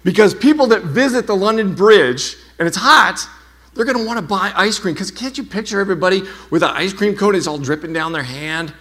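A pastor preaching a sermon, telling stories in an animated, humorous way. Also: male voice, high voice, fairly quick. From United States.

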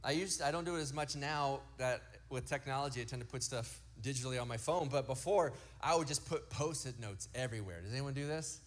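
A man in his thirties preaching a sermon, telling family stories and acting out what kids say. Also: mid-range voice. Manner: storytelling, acts out quotes from kids; slow emphatic lists. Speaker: pastor.

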